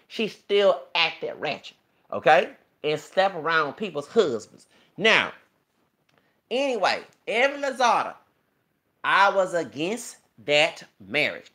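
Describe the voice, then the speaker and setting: A man's voice: high-pitched, fairly bright tone. A man ranting emotionally and profanely in his own vlog, delivering celebrity gossip commentary. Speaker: YouTuber.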